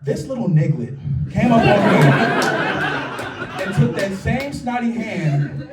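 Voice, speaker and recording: A man from California doing a stand-up comedy set at a live show, telling stories in an animated, profane way. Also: sits high, measured pace, over loud music, a loud crowd. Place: live show at a small local art venue. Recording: roomy, distant mic, audience laughter.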